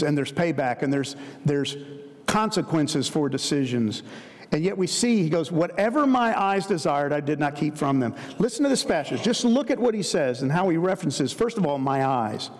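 A man's voice: fairly high pitch, animated, normal speed, a little mellow. Earnest preacher man in a reverberant hall. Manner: earnest, repetitive emphatic phrasing, addresses listeners as guys. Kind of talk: sermon.

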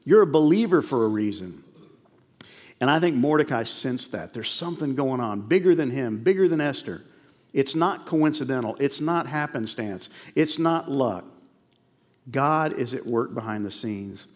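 A man's voice: medium pitch, expressive, moderate pace. A male pastor preaching a sermon, earnest and emphatic, repeating key phrases and telling stories to make his point. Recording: long reverb of a large hall.

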